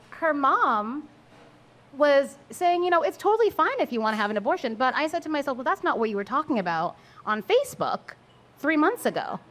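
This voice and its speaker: A woman's voice: high-pitched, fairly bright tone. A woman who is a mother of four and works as an abortion doula, speaking candidly at a live panel, blunt, swearing freely and laughing as she tells stories. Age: adult, mother of four. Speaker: abortion doula and maternal health advocate. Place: live event at a coffee house.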